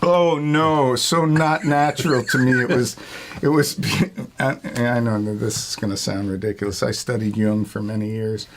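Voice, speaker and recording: A man's voice: medium pitch, fairly even intonation, normal speed, a little hiss or hum. A middle-aged man, a longtime retail worker, telling casual stories in a rambling, profane way and laughing as he goes. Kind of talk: casual storytelling.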